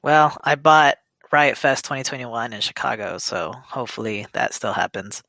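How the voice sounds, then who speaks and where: A man co-hosting a podcast, chatting casually about gaming news, rambling with fillers and quick self-corrections. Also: medium pitch, animated, gravelly, sharp tone, no room sound. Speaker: podcast co-host. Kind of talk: casual chat.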